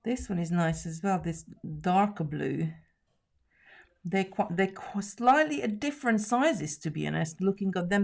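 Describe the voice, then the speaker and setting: Sitting at her home table on a live stream making jewellery, a woman with a slightly low, gravelly voice chats casually. She reads viewers' comments aloud, laughs readily, and often restarts sentences partway through.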